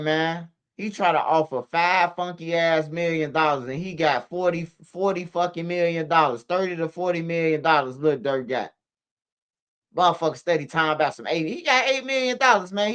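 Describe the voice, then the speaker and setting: Slangy man riffing, smooth voice. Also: fairly high pitch, a bit bright. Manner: slangy, emphatic, repeats "bro" and "man". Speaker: commentary channel host. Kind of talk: casual street news commentary. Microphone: streaming setup microphone.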